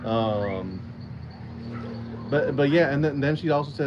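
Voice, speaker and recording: A man's voice: mid-range voice, lively intonation, unhurried, highs cut off, background noise. Profane, rambling man on a casual stream. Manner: rambling, profane, laughs often. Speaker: channel host. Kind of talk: casual livestream chat.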